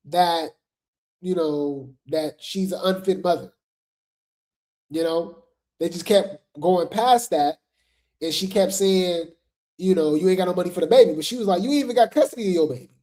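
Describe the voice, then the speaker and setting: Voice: mid-range voice, moderate pace, darkish tone. A host giving casual gossip commentary in a chatty, slangy way with lots of fillers.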